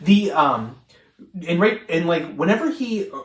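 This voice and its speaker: A man chats excitedly as co-host of a casual movie podcast, his voice a little high. He sits away from the mic, and the room adds an echo. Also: a little slow. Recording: roomy echo, distant mic.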